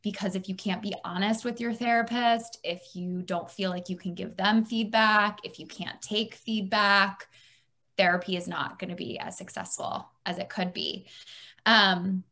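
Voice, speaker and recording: A woman's voice: medium pitch, steady tone, moderate pace, sharp tone. A woman therapist speaking as a podcast guest, chatty and thinking aloud with many fillers. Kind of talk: casual interview chat.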